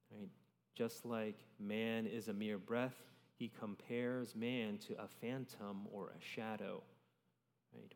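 Low-voiced young preacher in a hall. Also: male voice, a little mellow. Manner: conversational, keeps adding "right?". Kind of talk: sermon. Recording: long reverb of a large hall.

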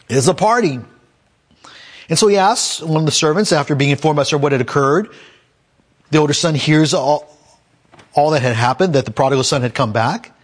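A man's voice: a little high, brisk, slightly rough. A man preaching a sermon, reading a scripture passage and then explaining it verse by verse, sometimes raising his voice to act out the characters. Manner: acts out the complaining son in a raised voice.

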